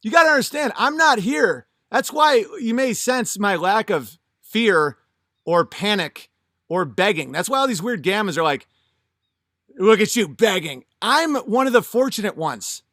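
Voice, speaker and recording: A comedian delivering a blunt, profane, ranting comedic monologue. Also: male voice, high-pitched, animated, normal speed, sharp tone, no room sound, studio quality.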